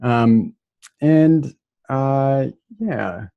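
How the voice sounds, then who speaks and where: A man from Minnesota giving a relaxed, casual lecture remotely, with plenty of fillers and restarts. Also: medium pitch, drawn-out words, no echo, phone-quality sound.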